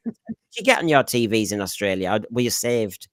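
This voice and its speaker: A man's voice: fairly low pitch, sing-song, a little fast, no room sound, studio quality. A man hosting a podcast in casual chat, rambling and correcting himself as he goes. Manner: rambling, chatty, self-correcting. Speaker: podcast host.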